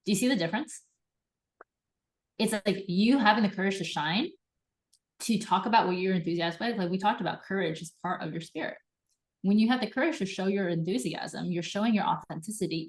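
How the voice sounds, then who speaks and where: A woman hosting a live card reading, enthusiastic and animated, acting out little quoted voices as she coaches. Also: lowish voice. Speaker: host and intuitive reader.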